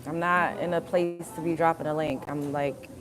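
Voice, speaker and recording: Over music, a young woman with a slightly low, level voice rants to her livestream viewers at normal speed, addressing them directly. She's blunt and emphatic, swears freely, and keeps looping back to her point.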